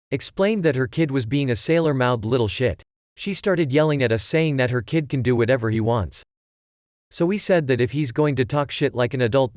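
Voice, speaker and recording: A man's voice: mid-range voice, no echo. Man reading Reddit stories, dry sound. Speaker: narrator. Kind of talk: reading Reddit posts aloud.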